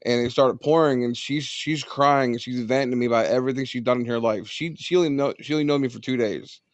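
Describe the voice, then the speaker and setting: A man's voice: mid-range voice, fast talker, dry recording. A man in casual chat on a podcast, telling stories with many restarts and repeated words. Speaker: podcast guest.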